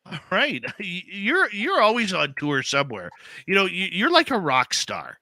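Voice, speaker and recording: A man hosts a talk radio show in a showy announcer style, his voice sweeping up and down with energy. The tone is piercingly bright. The recording is dry, with no room sound. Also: wildly swooping pitch, normal speed, no room sound, poor audio. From Canada. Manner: theatrical, booming announcer delivery with big pitch swings. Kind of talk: enthusiastic radio host intro and chat.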